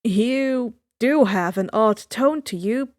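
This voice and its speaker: A woman voicing a proud ancient Greek king in a fan fiction reading, measured and questioning. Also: fairly high pitch, no room sound, clean studio sound. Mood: curious.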